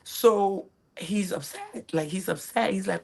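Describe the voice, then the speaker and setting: A woman in her forties, a guest chef, telling her life story in a casual, animated interview. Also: mid-range voice, slow, creaky, a little hiss or hum. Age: 40s. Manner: animated, acts out family quotes.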